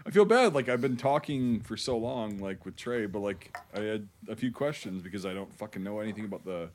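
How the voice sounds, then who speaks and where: A man's voice: fairly low pitch, lively intonation, a little fast, a little mellow, slight background noise. A man hosting a casual podcast, joking and swearing freely as he asks questions. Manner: profane, joking. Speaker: podcast host.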